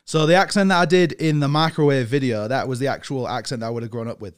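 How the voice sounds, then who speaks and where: A man's voice: medium pitch, quick pace, clean tone. A young man raised in England who speaks with an American accent, chatting as a podcast guest and laughing often. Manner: animated storyteller, laughs often. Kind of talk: casual chat.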